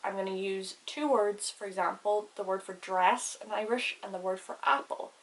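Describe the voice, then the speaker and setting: A woman's voice: mid-range voice, fairly even intonation, moderate pace, over music, rough recording. A woman giving a casual language lesson who spells words out and stresses vowels carefully. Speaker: Irish language teacher.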